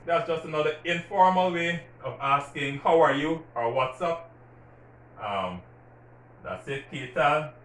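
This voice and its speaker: A man teaching Spanish greetings, patiently explaining grammar and repeating example words slowly with stressed syllables. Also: a little high, fairly bright tone. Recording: roomy echo from a distant mic, faint background hiss.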